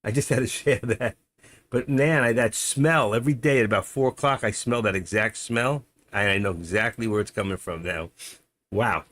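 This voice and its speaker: A lowish, slightly bright voice at a moderate pace, with no echo, belongs to a middle-aged day trader hosting a live stream. Chatting casually as he trades, he wanders off on tangents, mutters to himself, and chuckles while telling stories.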